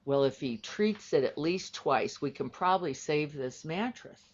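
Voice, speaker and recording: A woman's voice: sits low, lively intonation, unhurried, muffled recording. A woman quoting her worried elderly mother, who fusses over money in a practical way.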